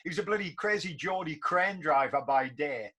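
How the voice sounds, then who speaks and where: A man's voice: on the high side, animated, moderate pace, sharp tone. A man in his fifties from England, hosting a podcast as a chatty storyteller who often repeats himself. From North East England. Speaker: podcast host. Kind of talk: casual conversational interview.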